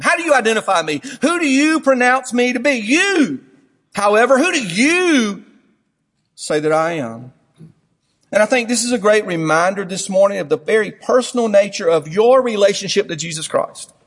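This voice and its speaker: A man's voice: sits high, fairly bright tone, in a large hall. A man preaching a sermon to his congregation, pressing his points home with emphatic, direct address. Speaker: pastor. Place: church sanctuary.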